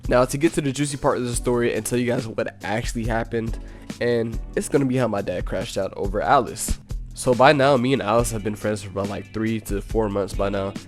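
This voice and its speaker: A man's voice: lowish voice, brisk, soft background music. A young man casually narrating a personal story in laid-back, slangy talk full of "you know.". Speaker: storytime YouTuber.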